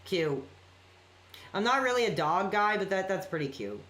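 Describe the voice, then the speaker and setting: A man's voice: high voice, sing-song, brisk, bright, forceful tone. A man chatting casually on a late-night live stream, rambling and apologetic as he reacts to viewer messages.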